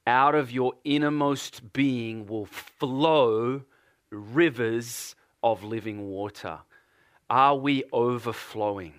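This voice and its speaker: Australian male preacher, earnest, measured and slow, mid-pitched, dry close mic. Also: clear, resonant tone. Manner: earnest, repeats phrases, rising questions to the congregation. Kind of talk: sermon.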